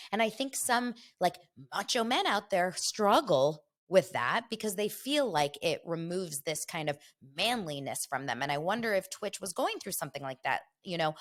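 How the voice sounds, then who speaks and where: Chatty woman host, animated storytelling. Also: on the low side. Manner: animated storytelling, acting out her own reactions. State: has a cold. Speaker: host of a daily pop culture show. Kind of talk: casual livestream chat.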